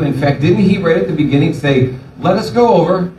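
A man's voice: on the high side, animated, fairly quick, dark tone, highs cut off, a little hiss or hum. A male pastor giving a sermon, telling the story animatedly and putting on voices for the people in it. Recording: echoey room from far off.

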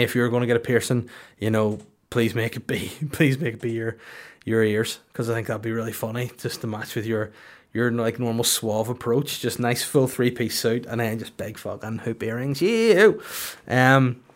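A young man, hosting a comedy podcast in a rambling, crude monologue and slipping into silly put-on voices. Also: mid-range voice. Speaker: podcast host.

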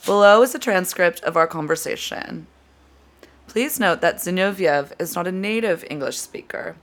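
Woman host reading an interview aloud. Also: fairly low pitch. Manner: measured reading, often breaking into laughter.

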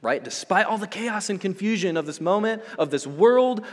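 A man's voice: sits high, lively intonation, moderate pace, few pauses. Man preaching in a reverberant hall. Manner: swings between loud urgent build-ups and soft hushed passages; conversational, with frequent "okay?" and "right?" check-ins. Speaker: pastor. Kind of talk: sermon.

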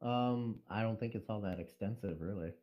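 A man's voice: lowish voice, moderate pace, lo-fi sound. A man being interviewed on a casual podcast about his writing, rambling and self-conscious, and swearing often. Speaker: guest writer.

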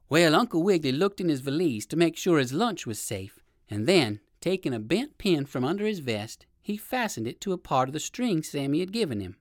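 A man narrating a children's storybook in a gentle, expressive read-aloud manner. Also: on the high side, fairly quick, hardly any pauses, no room sound, clean studio sound.

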